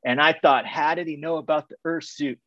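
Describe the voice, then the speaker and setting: This recovery story comes from a man rambling casually, stringing phrases together with "and, and," tossing in "man" and "dude," and joking at his own expense, like testimony shared as storytelling. He talks fairly quickly in a somewhat high, slightly bright voice with fairly level intonation, and the echo-free recording sounds muffled.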